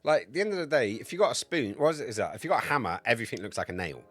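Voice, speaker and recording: A man's voice: mid-range voice, big pitch swings, rapid-fire, a bit bright, slightly rough. A man in his thirties chatting casually on a game livestream, rambling, crude and joking. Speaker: game streamer.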